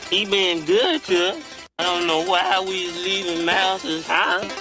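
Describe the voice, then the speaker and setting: A bewildered enslaved man in a comedy film. He rambles in a slow, high voice with a clearly heard music bed behind him. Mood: puzzled. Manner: rambling, slow-witted comic delivery.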